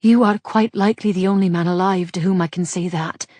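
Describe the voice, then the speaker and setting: A woman's voice: on the low side, steady tone, a little fast, a little mellow, dry recording, lightly acted. A woman narrator voicing an anxious, tired young noblewoman in an audiobook, with breathless, urgent pleading. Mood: earnest.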